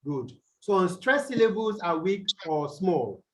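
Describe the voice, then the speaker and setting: A man with a high voice teaches at an unhurried pace over a video call. He asks questions and then answers them himself. He says example words twice, slowly, to show the stress. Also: sing-song, fairly bright tone, rough recording. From Nigeria. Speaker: English tutor. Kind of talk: online tutorial lesson.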